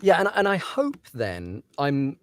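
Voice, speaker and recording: A man's voice: on the high side, wildly swooping pitch, measured pace, no room sound. A man who narrates audiobooks, talking through his craft in a casual interview, thoughtful and given to laughs and fillers.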